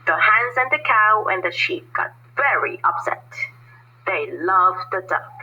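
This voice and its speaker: A woman reading a children's picture book aloud in a slow, deliberate storytelling manner. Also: mid-range voice, expressive, husky. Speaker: storybook reader. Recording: muffled lo-fi recording.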